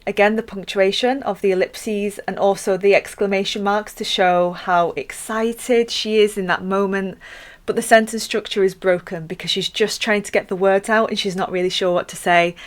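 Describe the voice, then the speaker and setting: A woman teacher explaining a student's narrative in a lesson, reading lines from it aloud as she goes. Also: medium pitch. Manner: explains clearly, reads quoted lines aloud. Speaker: English teacher. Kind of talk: lesson commentary on a student story.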